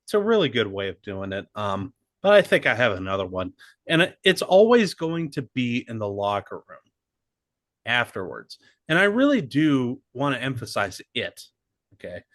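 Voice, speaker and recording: A man co-hosting a podcast in casual chat, emphatic and excitable, swearing freely. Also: medium pitch, no echo, studio quality. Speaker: podcast co-host.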